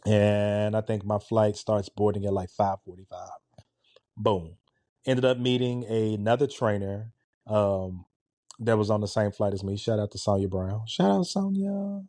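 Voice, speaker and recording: Man in his forties, relaxed, dark-toned storyteller. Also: on the low side, measured pace, no echo. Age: 40s. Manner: animated, conversational, with a laid-back, relaxed tone. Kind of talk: casual storytelling.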